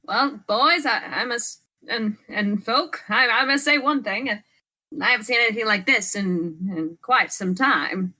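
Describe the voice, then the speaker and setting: A woman's voice: fairly high pitch, unhurried, sharp tone, rough recording. A woman playing a self-declared doctor in a tabletop game, talking in a folksy, offhand way. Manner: casual, dry, folksy address.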